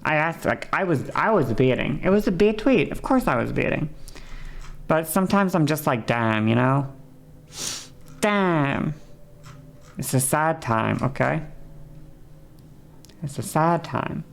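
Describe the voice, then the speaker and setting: A woman's voice: sits low, expressive, unhurried, creaky, long pauses. A woman streamer talking casually and swearing freely, often adding "you know" as she chats with her viewers. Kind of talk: casual livestream chat.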